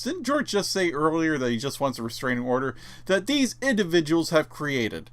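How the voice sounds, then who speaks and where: A man's voice: a little high, big pitch swings, normal speed, few pauses, no echo. A man giving sarcastic, incredulous commentary while reading a document aloud for his online audience. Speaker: YouTuber.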